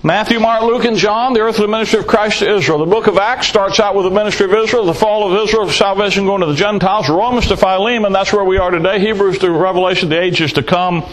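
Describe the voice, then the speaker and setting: A man's voice: high-pitched, fast talker, few pauses, poor audio. A man preaching a sermon in a blunt, folksy way, teasing his listeners and firing off rhetorical questions.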